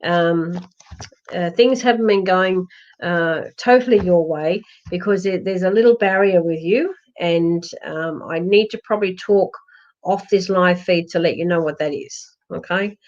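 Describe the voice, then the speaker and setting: Her voice is fairly low and darkish, a little slow, as she gives psychic readings over a live stream from her home in lockdown. Reassuring yet rambling, she fills her talk with fillers and restarts, and the lo-fi stream audio is dull.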